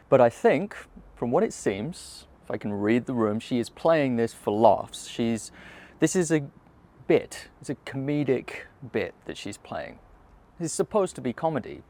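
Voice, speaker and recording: Guy with a gravelly mid voice hosting a commentary, earnest and measured, hits words hard. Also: medium pitch, darkish tone. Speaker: host. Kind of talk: reaction commentary.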